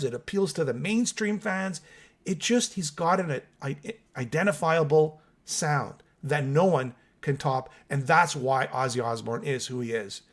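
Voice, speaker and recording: A man hosting a casual metal music podcast, giving opinionated takes and talking straight to his viewers. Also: a little high. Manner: opinionated, chatty, addresses viewers directly. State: still waking up with coffee. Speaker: host of a metal music channel. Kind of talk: casual solo podcast reacting and reading comments.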